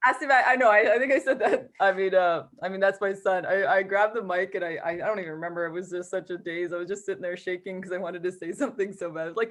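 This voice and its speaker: A woman's voice: mid-range voice, quick pace, few pauses, fairly bright tone. A middle-aged woman filmmaker speaking animatedly in a Q&A over a video call, laughing often and acting out quotes. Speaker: filmmaker and guest.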